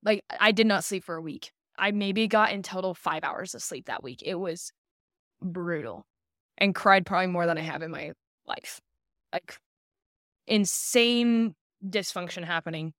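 A woman's voice: fairly low pitch, a little slow, fairly bright tone, no echo, studio quality. A young woman in her twenties, a podcast guest, telling a personal story in earnest and acting out the people she quotes. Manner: earnest, acts out quoted dialogue.

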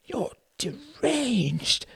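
A man's voice: extremely high pitch, sing-song, extremely slow, vocal fry, breathy edge, no echo, voice pushed up, exaggerated voice. A man reading an audiobook, voicing a scornful, theatrical Englishman who drifts between brooding and sardonic outbursts.

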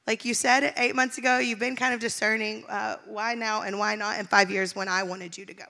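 A woman's voice: medium pitch, level tone, brisk, gravelly, sharp tone. A woman pastor speaking candidly to her church, emotional and laughing often. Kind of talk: sermon-style church announcement. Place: church stage.

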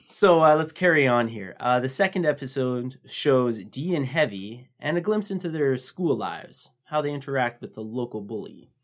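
A man's voice: medium pitch, animated, moderate pace, hardly any pauses. Man retelling scenes in podcast chat. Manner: storytelling with acted-out quotes. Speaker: podcast co-host. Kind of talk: casual chat.

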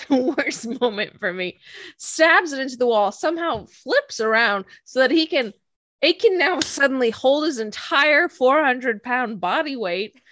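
A chatty woman recaps a show in a casual talk, sarcastic and animated, often laughing through her words. Her voice sits fairly high. The sound is dry and close, with no room around it. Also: no echo. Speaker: podcast co-host recapping an anime. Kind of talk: casual chat.

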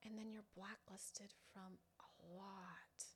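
Woman, online content creator, casual talk to fans, halting, lots of fillers, mid pitch. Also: flat delivery, husky. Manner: chatty, halting, full of "you know" fillers. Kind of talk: casual direct-to-camera talk.

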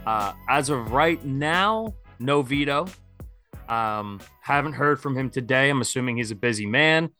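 A man's voice: mid-range voice, animated, a little slow, sharp tone, soft background music. A man hosting a casual sports podcast, talking candidly and rambling with lots of fillers. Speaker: podcast host.

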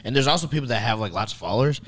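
A man's voice: mid-range voice, expressive, racing. A man in casual podcast chat, laid-back and agreeable.

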